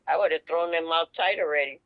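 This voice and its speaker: A blunt, laid-back man talks casually. His voice comes through dull and a little distant from the mic. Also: a little high. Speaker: listener in casual conversation. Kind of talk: casual chat.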